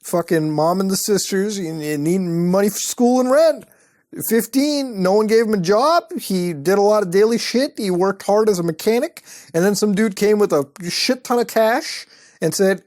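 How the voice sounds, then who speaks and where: A man's voice: high voice, normal speed, a little mellow, no room sound, clean studio sound. A man hosting an online show, giving sarcastic, profane commentary as he browses and mocks websites. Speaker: host.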